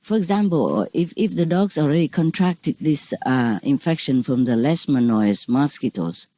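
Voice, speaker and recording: A woman's voice: low voice, animated, moderate pace, a little mellow, no room sound. A woman speaking as a spiritual teacher in an informal talk over a video call, rambling and repeating words for emphasis.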